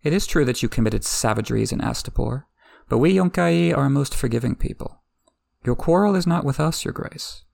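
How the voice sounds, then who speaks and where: A man's voice: medium pitch, lively intonation, a little fast, gravelly, darkish tone, no room sound, clean studio sound, pitched above the performer's own voice. A man doing a haughty slaver envoy. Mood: smooth. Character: haughty male slaver envoy, smooth and threatening.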